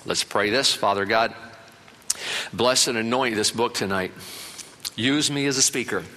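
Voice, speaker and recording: Bright-voiced older preacher, lively storyteller. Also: male voice, mid-range voice, measured pace. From Italian family in America. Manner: animated storyteller, breaks into loud put-on relatives' voices. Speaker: pastor. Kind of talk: sermon.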